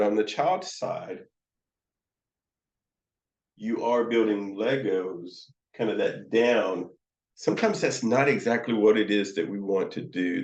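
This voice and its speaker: A man teaching counseling students, talking in a slow, halting way with many fillers and restarts. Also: fairly low pitch, darkish tone. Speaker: counseling supervisor. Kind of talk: teaching lecture with demonstrations. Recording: roomy, dull lo-fi sound.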